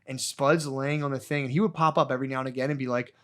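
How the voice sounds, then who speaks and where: A man's voice: mid-range voice, fairly even intonation, quick pace, a bit bright. A man hosting a podcast, telling a rambling, profane story and laughing as he goes. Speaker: podcast host. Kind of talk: casual storytelling chat.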